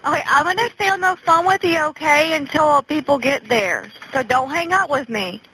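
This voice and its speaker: A woman working as a 911 dispatcher, talking calmly and steadily, repeating reassurances. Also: sits high, moderate pace. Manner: calm, steady, reassuring and repetitive. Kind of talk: emergency call handling. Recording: noisy archived phone call recording.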